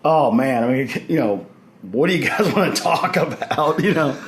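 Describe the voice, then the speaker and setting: This is a man with a slightly high voice, telling a long story in an animated way and slipping into the voices of the people he quotes. The sound is echoey, as if recorded in a big convention hall. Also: normal speed. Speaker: podcast guest. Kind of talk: casual storytelling.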